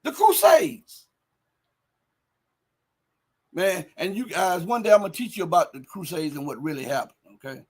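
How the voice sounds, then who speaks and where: A man hosting a livestream, reading viewer chat and commenting emphatically, firing rhetorical questions and building up to shouting. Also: fairly high pitch, animated, fast talker, few pauses. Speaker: livestream host.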